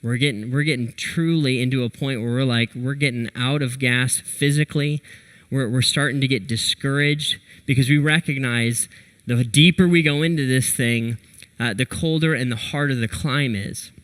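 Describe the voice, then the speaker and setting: A young adult man preaching a sermon, telling a story with lively, animated retellings of what people said. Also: mid-range voice, normal speed, poor audio. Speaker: pastor.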